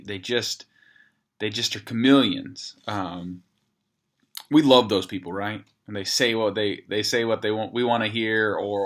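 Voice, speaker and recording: Male pastor, lowish voice, informal weekly devotional, rambling and filler-heavy. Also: fairly bright tone. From United States. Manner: conversational, rambling with many fillers and restarts. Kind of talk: casual video devotional.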